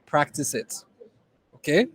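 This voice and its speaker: In a rough recording, a man with a Nigerian accent speaks slowly with a fairly bright tone. He's an innovation program instructor giving a classroom lecture, teaching emphatically and repeating key points to drive them home.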